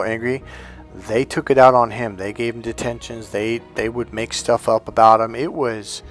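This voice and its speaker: A man working as a life coach, telling a personal story in a reflective, conversational way with restarts and fillers. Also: mid-range voice.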